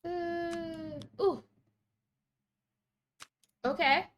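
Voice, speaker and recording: A young woman from Canada chats live with her stream viewers as she plays. Her voice sits high and bright, and she giggles often and replies to messages in a bubbly, easygoing way. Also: steady tone, extremely slow, a little hiss or hum. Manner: bubbly, giggly, chatty, reads chat aloud. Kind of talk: casual live-stream chat.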